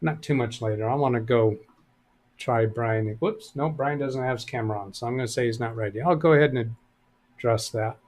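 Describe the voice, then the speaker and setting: This middle-aged man speaks briskly at a medium pitch while hosting a live stream. He reads out chat from viewers and answers their computer questions in an easygoing, thinking-out-loud manner.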